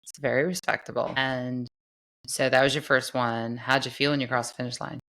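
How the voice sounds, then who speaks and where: Hoarse, gravelly woman podcast host. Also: extremely low pitch, little pitch movement, brisk, fairly bright tone. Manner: chatty, rambling, laughs easily. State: hoarse from a lost voice. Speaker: podcast host and triathlon coach. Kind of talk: casual podcast chat.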